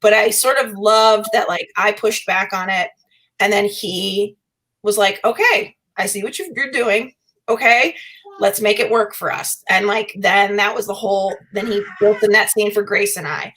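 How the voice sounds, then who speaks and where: A woman's voice: medium pitch, fairly even intonation, normal speed, a bit bright, rough recording. A young woman, a podcast guest, chatting casually, rambling and laughing often as she talks in circles.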